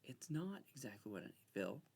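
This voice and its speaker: A man chats through a card game in a casual, excitable way, squabbling with himself and playing up his fear. His voice is gravelly and swings widely in pitch. The recording carries a steady layer of noise. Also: fairly quick. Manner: excitable, bickering with himself, mock-frightened. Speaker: channel host playing solitaire. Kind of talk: casual gameplay commentary.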